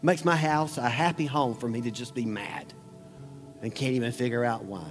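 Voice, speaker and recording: A man preaching a sermon as pastor, conversational and animated, acting out scenes and closing in prayer. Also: mid-range voice, moderate pace, long reverb tail, soft background music.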